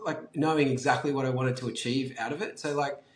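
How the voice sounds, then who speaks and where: A man in his forties with an Australian accent chats casually as a guest entrepreneur in an interview, laid-back, swearing, and full of fillers. His mid-range voice is steady in tone and brisk, with slight background noise and a roomy echo.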